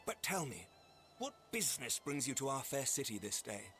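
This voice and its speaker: A man voicing an earnest, formal nobleman who leads a holy city, speaking in measured, courtly phrases. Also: medium pitch, very animated, a bit bright. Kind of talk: formal game dialogue. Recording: game audio with faint music. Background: faint game music.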